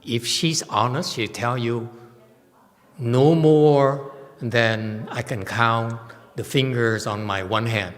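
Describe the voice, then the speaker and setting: A man's voice: medium pitch, fairly even intonation, takes it slowly. A man giving a Dharma talk to a meditation class in a temple hall, blunt, emphatic and self-mocking. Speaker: meditation teacher. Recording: long hall reverb.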